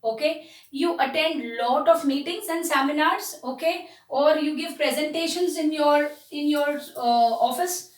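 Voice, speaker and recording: Woman teacher, high voice, explanatory delivery with fillers; recorded off-mic in an echoey room. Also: measured pace, recorded from a distance. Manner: explanatory, with frequent fillers and restarts. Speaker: communication skills teacher. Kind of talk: spoken lesson.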